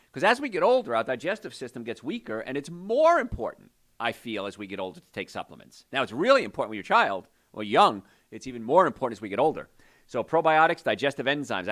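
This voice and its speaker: A man hosting a call-in health show as a doctor, talking in an energetic, folksy, salesy way. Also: mid-range voice. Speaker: radio show host and doctor. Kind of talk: call-in health radio talk.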